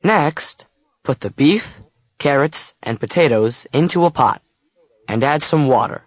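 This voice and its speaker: A man with a slightly husky, fairly high voice reads a textbook dialogue slowly. He gives clear, step-by-step instructions with a lively rise and fall. The sound is dry and a little muffled. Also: no room sound.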